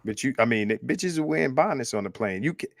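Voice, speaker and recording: A man's voice: mid-range voice, animated, quick pace, creaky, dry recording, clean studio sound. A man from Brooklyn, New York, co-hosting a casual commentary chat in a laid-back way, full of chuckles and slang. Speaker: podcast co-host.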